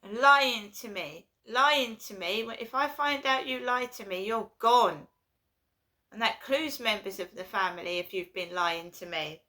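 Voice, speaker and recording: A woman's voice: medium pitch, a little slow, sharp tone. A woman, ranting and swearing in a home vlog, repeating herself as she gets worked up. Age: 50s. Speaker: vlogger. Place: at home indoors.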